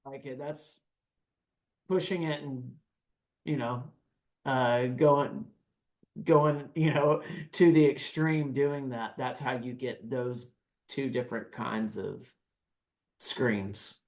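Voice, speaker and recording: A man on a podcast breaking down screaming techniques in a casual, animated way, now and then demonstrating growls and screams. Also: mid-range voice, slow. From United States. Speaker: guest vocalist. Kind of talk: podcast interview, explaining vocal technique.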